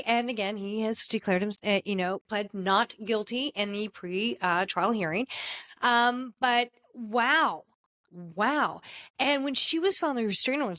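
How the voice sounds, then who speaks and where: A woman podcast host telling a news story in casual commentary, with fillers, restarts and lively emphasis. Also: on the high side.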